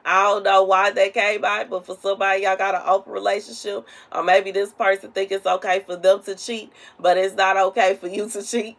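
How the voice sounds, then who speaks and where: A woman's voice: medium pitch, flat delivery, fairly quick. A woman sharing a prophetic message in a casual, rambling way, full of conversational asides. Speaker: prophetic minister.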